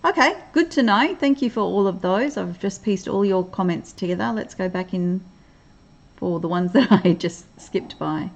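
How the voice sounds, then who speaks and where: A middle-aged Australian woman hosting a relaxed livestream. She chats easily, reads comments out loud and laughs often, at a middle pitch for a woman. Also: normal speed, gravelly. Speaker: livestream host. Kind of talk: casual chat reading live comments.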